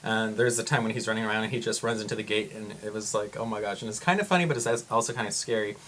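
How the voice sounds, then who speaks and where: A man vlogging to camera, telling a story in a rambling, excitable way with frequent exclamations. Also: on the low side, racing, a little hiss or hum.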